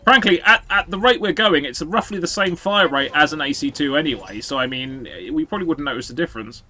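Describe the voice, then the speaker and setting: A man's voice: a little high, fairly quick, pushed and bright. A man giving casual, sarcastic commentary while streaming a video game, swearing and joking with his chat.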